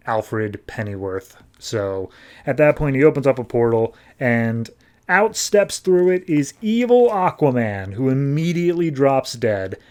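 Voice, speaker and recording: A man's voice: medium pitch, darkish tone. A man hosting a podcast, recapping a comic book in a breezy, offhand way and filling his talk with "like". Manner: offhand, breezy storytelling full of "like". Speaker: podcast host.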